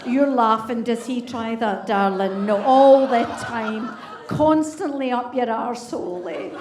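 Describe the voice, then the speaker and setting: A woman's voice: a little high, a little slow, roomy sound, recorded from a distance, background noise. A woman in her fifties, a comedy host doing crude, brash stand-up and teasing the crowd. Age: 50s. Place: comedy club stage with audience.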